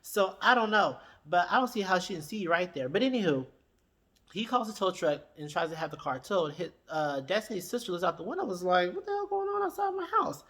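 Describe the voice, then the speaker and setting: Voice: medium pitch, lively intonation, a little fast, a bit bright. A reviewer giving casual, sassy commentary, talking straight to the people on a reality show and acting out their lines.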